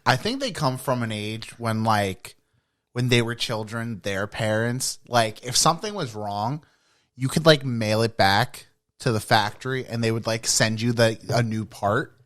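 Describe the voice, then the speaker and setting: A man's voice: mid-range voice, measured pace, a bit bright. Young man chiming in with jokes. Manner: reactive, laughs and chimes in with jokes. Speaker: podcast co-host. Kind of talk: casual chat.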